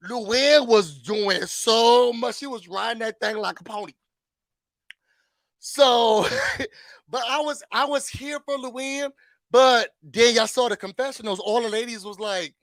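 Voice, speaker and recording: High, bright-voiced man recapping reality TV. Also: unhurried, dry recording. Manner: animated, chatty, laughing, dramatic asides. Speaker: YouTube host. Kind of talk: casual reality-show recap commentary.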